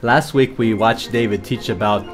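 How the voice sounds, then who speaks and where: A man introducing an English lesson on sentence stress, reading from a script in a clear, measured way. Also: mid-range voice, music in the background. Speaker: English teacher.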